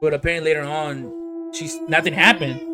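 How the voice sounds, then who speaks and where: A man hosting a casual podcast chat, excitable, swearing a lot and reacting loudly. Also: fairly high pitch, a little fast. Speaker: podcast host.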